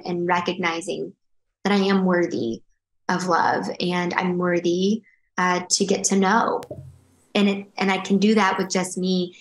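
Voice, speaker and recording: An earnest woman in her thirties talks openly as an interview guest, circling back and restarting as feelings rise. Her voice sits at an ordinary pitch for a woman and carries a roomy echo. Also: fairly bright tone. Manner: emotional, earnest, rambling with restarts. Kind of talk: candid interview storytelling.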